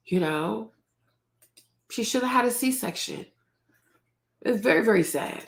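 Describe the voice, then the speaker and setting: A woman's voice: a little high, lively intonation, a little slow, long pauses. A woman hosting her own show, talking straight to her viewers in outspoken, indignant casual commentary. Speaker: host.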